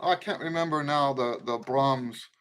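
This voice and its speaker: A middle-aged man teaches trumpet during a live Q&A stream, talking loosely through his points, singing out tonguing syllables, and giving playing demonstrations. His medium-pitched voice is a bit bright and clean, and he takes his time.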